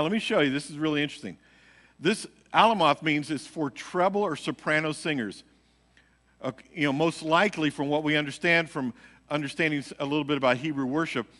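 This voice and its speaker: Pastor, man, chatty storytelling sermon, acts out voices; bright tone, live hall reverb. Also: a little high. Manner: animated, acts out quotes, laughs at own story. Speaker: pastor teaching a midweek Bible study. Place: church sanctuary.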